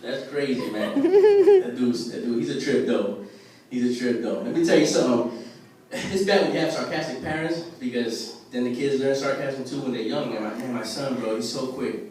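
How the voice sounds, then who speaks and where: A man's voice: mid-range voice, moderate pace, very echoey, far from the mic, slight background noise, poor audio. A man doing open mic stand-up comedy at a dinner show, with a laid-back, streetwise manner that chats with the crowd. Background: lively crowd laughing.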